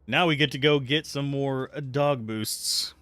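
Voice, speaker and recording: A man's voice: medium pitch, unhurried, fairly bright tone, dry recording. A man livestreaming a video game, chatting in a rambling, casual way and swearing now and then when something annoys him. He talks from his desk at home. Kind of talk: casual gameplay commentary. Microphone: close mic with earbuds at a PC.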